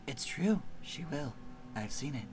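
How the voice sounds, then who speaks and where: A streamer voicing a calm, laid-back female monster from a bone island, with a low, deadpan manner. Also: a little slow, loud music behind the voice, lightly acted. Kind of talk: game dialogue voiced by streamer.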